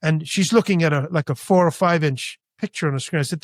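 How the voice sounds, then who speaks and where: A man's voice: a little high, brisk, no room sound. A man born in Britain and raised in Spain, an artist telling his story as a guest and acting out dialogue. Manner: animated, acts out dialogue. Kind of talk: storytelling interview.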